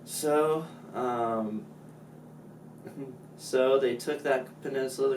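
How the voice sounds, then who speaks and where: A man's voice: medium pitch, steady tone, slow pace, pauses often, darkish tone, echoey room, far from the mic, slight background noise, poor audio. A man explaining history casually, joking and using many fillers. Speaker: student presenter.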